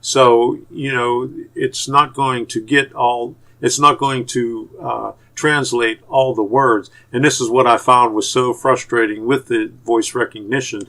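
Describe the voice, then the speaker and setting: A man from Pittsburgh with a Pittsburgh accent, giving YouTube channel tips in a casual, halting way full of "uh" fillers and restarts. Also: medium pitch, steady tone, bright, forceful tone. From Pittsburgh, USA. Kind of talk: casual tutorial talk to camera.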